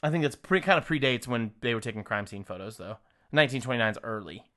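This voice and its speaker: A man's voice: mid-range voice, animated, fast, fairly bright tone. A young adult man co-hosting a podcast, chatting in a laid-back, slangy and profane way. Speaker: podcast co-host. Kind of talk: casual podcast chat.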